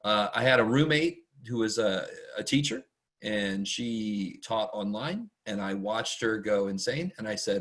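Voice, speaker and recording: With a lowish, fairly bright voice and lively intonation, a math instructor teaches students online. His style is casual, chatty and rambling; he often speaks quickly and makes fun of himself.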